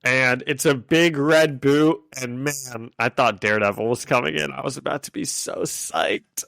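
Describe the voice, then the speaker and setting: Excitable podcast co-host man, gravelly voice. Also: mid-range voice, normal speed, no room sound. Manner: excitable, laughs often. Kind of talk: casual chat.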